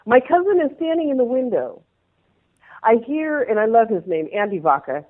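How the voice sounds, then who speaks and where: Woman guest, animated storyteller, tinny phone-quality line. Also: on the high side, normal speed. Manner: animated, acts out scenes in changing voices. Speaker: interview guest, former pro dancer. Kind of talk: personal storytelling in conversation.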